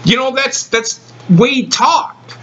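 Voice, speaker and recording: A man's voice: extremely high pitch, lively intonation, measured pace, pushed and bright, lo-fi sound, a little hiss or hum. A man hosting a casual podcast chat, talking bluntly and swearing freely. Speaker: podcast host.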